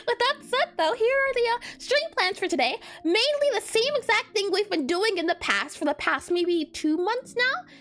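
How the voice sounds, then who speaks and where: Very high-pitched, bubbly woman streamer. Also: animated, moderate pace, fairly bright tone, faint music behind. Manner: bubbly, frequent stammered restarts and giggles. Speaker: game developer streaming her work. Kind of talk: casual livestream chat.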